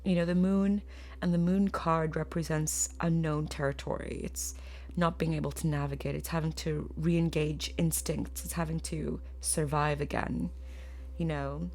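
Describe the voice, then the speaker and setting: A woman in the middle of a tarot reading, talking straight to her viewers in a lowish voice. She speaks earnestly and gets emotional, trailing off and looking for the right words. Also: little pitch movement, measured pace, a little mellow. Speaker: tarot reader.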